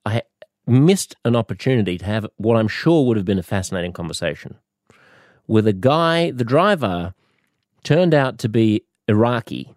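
A lower-pitched Australian man delivering a sarcastic, rambling comedy monologue. The sound is dry and close, with no room around it. He keeps leaping into high, mock-innocent asides. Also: lively intonation, moderate pace, darkish tone, dry recording.

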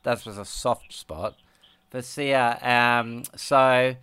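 A middle-aged man with a smooth, resonant voice, talking in a dry, close-up sound. He rambles through his stories and keeps restarting his sentences. He laughs easily as he chats. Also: medium pitch, very slow, bright, forceful tone, no echo. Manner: rambling storyteller, laughs often, many restarts. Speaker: podcast co-host, musician. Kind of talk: casual chat.

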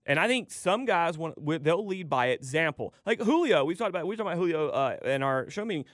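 Excitable sports radio guy, dry mic. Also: fairly high pitch, fairly quick, dry recording. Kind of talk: casual sports talk.

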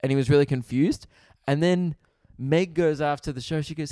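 A man's voice: a little high, a little fast, warm tone, no room sound, clean studio sound. A young man, a comedian hosting his own podcast, telling a rambling, self-mocking story in a casual chat, quoting people along the way.

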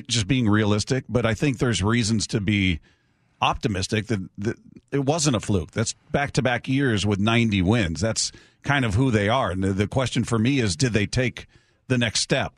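A man hosting a sports talk show, laying out his views in a measured way with frequent restarts. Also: fairly low pitch, no echo, clean studio sound. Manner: measured, analytical, restarts sentences. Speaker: sports radio host.

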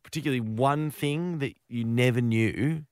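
A man co-hosting a comedy radio show, teasing dryly and asking deadpan questions. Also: medium pitch, normal speed, clean tone, dry recording, studio quality. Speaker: radio co-host.

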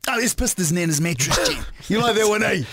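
High, chatty New radio co-host, man. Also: lively intonation, fairly quick, fairly bright tone, no room sound, studio quality. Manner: chatty, rambling, fond of slang. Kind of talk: casual radio banter.

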